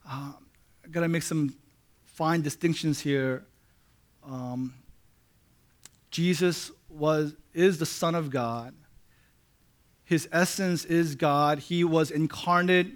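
A man preaching a sermon, conversational with "right?" check-ins, building to loud emphatic peaks. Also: on the high side. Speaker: pastor.

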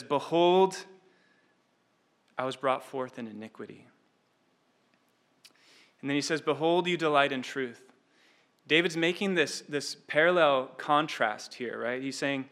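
A man's voice: medium pitch, a bit bright. A man preaching an expository sermon, earnest, often repeating words and tossing in "like" and "right?".

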